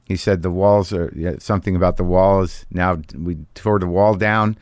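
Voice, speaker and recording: A man's voice: sits low, steady tone, normal speed, a little mellow, smooth, no room sound. A middle-aged man delivering a rambling, profane, self-deprecating monologue as a podcast host. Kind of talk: casual monologue.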